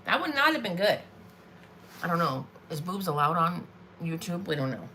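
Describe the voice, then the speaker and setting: A woman's voice: on the low side, sing-song, normal speed, bright, forceful tone, slight background noise. A woman in her forties chatting in a rambling way with lots of fillers as she hosts a live craft stream from her desk. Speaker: craft vlogger.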